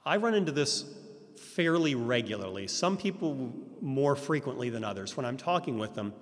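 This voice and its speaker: A man's voice: medium pitch, animated, moderate pace. A man teaching a class on ministry, often putting rhetorical questions to his audience. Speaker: Christian ministry instructor. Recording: echoey hall reverb.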